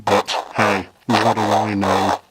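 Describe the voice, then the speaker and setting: A man talks through a cheap electronic voice changer, reacting with amused unease to how he sounds. The processed voice comes out low, slow and flat. A loud hiss sits under every word. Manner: amused, wary commentary on his own changed voice.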